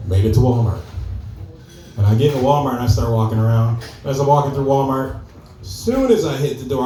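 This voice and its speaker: A man telling a stand-up story at an open mic, conversational and animated. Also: mid-range voice, slight background noise. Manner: conversational, animated character voices. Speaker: stand-up comedian. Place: comedy club open mic. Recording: echoey club room, mic at a distance.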